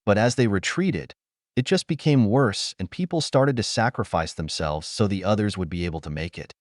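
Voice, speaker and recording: A man with a low voice narrates an audiobook, reading in a lively, expressive way with wide swings in tone. The recording is dry and close, with no room sound around it. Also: normal speed, dry recording.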